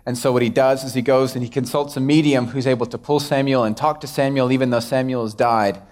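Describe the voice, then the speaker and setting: A man's voice: mid-range voice, steady tone, quick pace, darkish tone. A young man, a pastor, giving a casual, self-deprecating sermon and acting out quoted exchanges. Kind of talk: conversational sermon.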